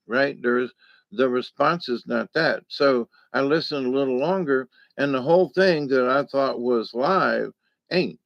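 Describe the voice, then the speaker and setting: Gravelly folksy man. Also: medium pitch, measured pace, no room sound, muffled recording. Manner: folksy, digressive, full of fillers. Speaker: vlogger. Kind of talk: casual rambling monologue.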